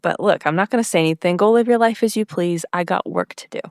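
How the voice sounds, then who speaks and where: A woman's voice: lowish voice, fast talker, vocal fry, a little mellow, no room sound, studio quality. A woman co-hosting a podcast, recapping a TV episode in casual chat and briefly acting out each character's lines.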